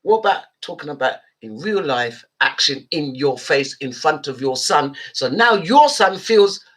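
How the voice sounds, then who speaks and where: A woman's voice: low voice, animated, measured pace, hardly any pauses. A woman hosting a radio show, speaking passionately and heatedly. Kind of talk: impassioned show chat.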